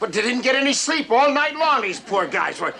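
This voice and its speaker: Wily navy skipper, gravelly bright voice, lively wheedling patter. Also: male voice, extremely high pitch, moderate pace, heavily acted. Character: smooth-talking, wily navy boat skipper. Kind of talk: 1960s sitcom acting.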